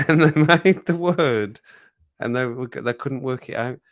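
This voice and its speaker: A man at a middle pitch who hosts a relaxed livestream. He rambles from one anecdote to the next in a chatty way and laughs easily. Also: measured pace. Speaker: livestream host. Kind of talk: casual chat with viewers over a drink.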